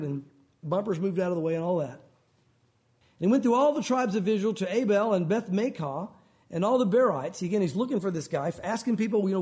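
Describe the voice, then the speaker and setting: A man preaching an expository sermon in an animated, conversational storytelling manner. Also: sits high.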